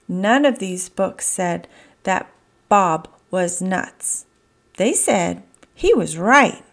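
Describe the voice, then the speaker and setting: Slow, expressive storytime woman. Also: fairly low pitch, gravelly. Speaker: children's story reader. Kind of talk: read-aloud storytime.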